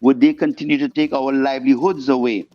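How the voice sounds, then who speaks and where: A man being interviewed as a guest singer, telling stories in a lively way and acting out the voices of the people in them. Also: mid-range voice, brisk. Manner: animated storyteller, acts out quoted voices. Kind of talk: storytelling interview chat. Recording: muffled podcast audio with faint music.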